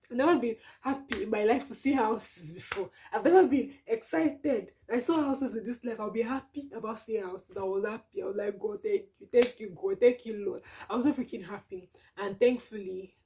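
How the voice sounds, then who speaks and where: In a mid-range voice with a slight hiss or hum, a young Nigerian woman narrates a storytime vlog in her Nigerian accent. Her retelling is animated and dramatic, packed with exclamations.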